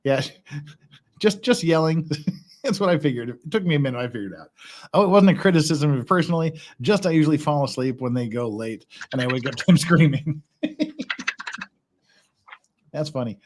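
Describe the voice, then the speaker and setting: A man's voice: on the high side, brisk, long pauses, darkish tone, a little hiss or hum. A man hosting a casual livestream, rambling and chuckling as he builds Lego and counts pieces aloud. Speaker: stream host.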